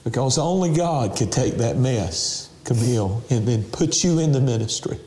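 A man's voice: mid-range voice, expressive, warm tone, slight background noise. Tearful man preaching in a roomy house. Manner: emotional, tearful preaching with slow prayer lines. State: crying. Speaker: television minister. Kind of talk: televangelist interview and altar call.

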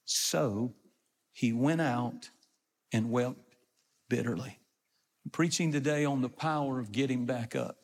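A man delivers a sermon at an unhurried pace, moving between scripture passages and his own plain explanations. His voice sits in a middle pitch range. A long reverb trails each phrase, as if the recording was made in a large hall. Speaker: pastor.

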